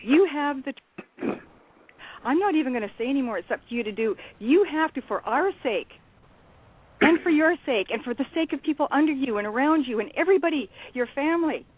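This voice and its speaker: A woman calls in to a talk show and delivers an impassioned, profane rant, blunt and urgent throughout. Her voice sits fairly high. The sound is a dry, tinny phone line. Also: animated, fairly quick, no echo. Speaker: guest.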